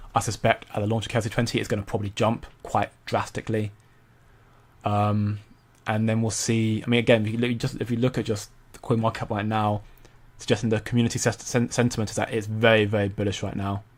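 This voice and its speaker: A young man hosting a casual crypto commentary stream, rambling with many stumbles and repeated words while reading viewer comments. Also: on the low side. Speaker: crypto channel host.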